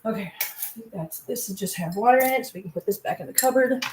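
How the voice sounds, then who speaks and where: This is an off-mic, very noisy recording from an echoey home kitchen, where a woman chats casually with her viewers and cats while cooking dinner for a vlog. She speaks quickly in a mid-range voice.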